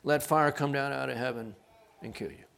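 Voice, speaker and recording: A man preaching a sermon, reading scripture and acting out the quoted lines with big swings in loudness. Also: mid-range voice, fairly even intonation, moderate pace, gravelly. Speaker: pastor.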